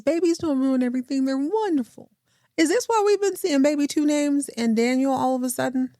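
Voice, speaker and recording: A woman's voice: medium pitch, dark tone, no echo, clean studio sound. A woman hosting a podcast, recapping a TV episode in a chatty, emphatic way and talking back to what she watches. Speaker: podcast host.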